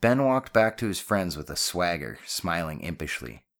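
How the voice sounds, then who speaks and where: Deep-voiced male audiobook narrator. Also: big pitch swings, moderate pace.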